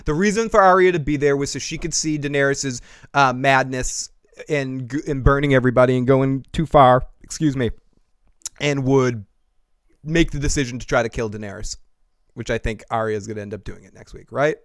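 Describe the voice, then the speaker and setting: A man hosting a casual TV recap podcast, animated and profane, laughing often and taking calls. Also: medium pitch, brisk, clear, resonant tone, dry recording, studio quality. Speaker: podcast host.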